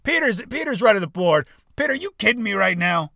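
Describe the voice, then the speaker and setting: An actor playing a brash, boastful macho sports-talk radio host who rants loudly and keeps asking "okay?" in a swaggering comedic radio rant. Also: male voice, high-pitched, sing-song, a little fast, vocal fry, no echo, clean studio sound, heavily acted. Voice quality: loud, blustering, ranting. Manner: swaggering, repeats himself, asks "okay?" and "all right?".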